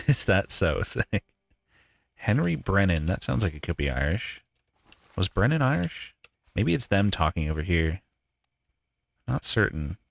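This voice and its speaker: Deep-voiced man thinking aloud on stream. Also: sing-song, a little slow, vocal fry, long pauses. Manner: thinking aloud, profane, laughs often. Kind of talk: live gameplay commentary.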